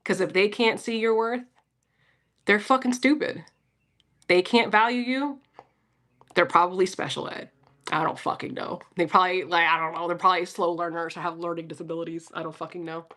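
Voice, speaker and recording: A woman's voice: lowish voice, brisk, a bit bright. A woman from Philadelphia giving a casual, profane pep talk on a livestream and answering her chat. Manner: blunt, profane, talks straight to chat.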